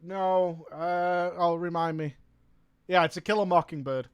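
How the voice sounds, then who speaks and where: A man's voice: sits high, steady tone, a little slow, smooth. A man streaming a game, chatting casually, rambling and swearing as he searches for words. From United Kingdom. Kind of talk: casual chat while gaming.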